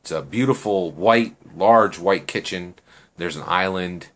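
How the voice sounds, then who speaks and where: A man's voice: low-pitched, measured pace, a bit bright. A man telling a story casually, chatty and full of fillers and tag questions.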